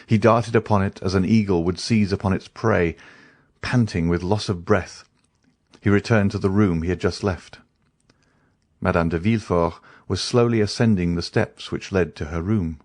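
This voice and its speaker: A man narrating an audiobook in a steady, measured reading voice. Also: sits low, no echo. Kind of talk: scripted narration.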